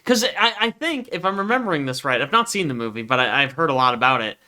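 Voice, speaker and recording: A man's voice: medium pitch, lively intonation, fast, pushed and bright. A man co-hosting a podcast in casual chat, wry and joking. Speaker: podcast co-host.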